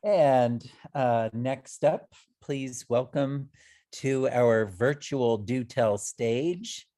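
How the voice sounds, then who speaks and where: A man's voice: mid-range voice, extremely slow, mellow. A man hosting a storytelling swap online, chatting casually and encouraging the tellers. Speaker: event host. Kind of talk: casual emcee chat.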